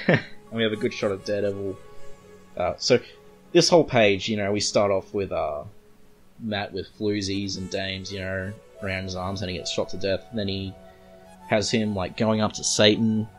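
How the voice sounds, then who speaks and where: A man's voice: on the low side, fairly even intonation, normal speed, soft background music. An Australian-accented man hosting a podcast, recapping a comic book in a rambling way with joking asides. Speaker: podcast host.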